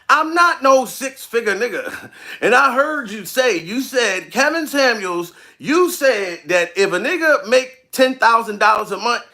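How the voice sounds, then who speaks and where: A man's voice: high-pitched, pushed and bright. A man doing a comedic rant to camera, profane and repetitive in street talk.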